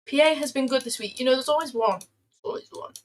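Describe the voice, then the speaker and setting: Chatty British woman, slightly high voice. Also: fast talker, a little hiss or hum. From Britain. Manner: chatty, self-deprecating, repeats phrases, breaks into playful singing. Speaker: livestreaming day trader. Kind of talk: casual live-stream chat.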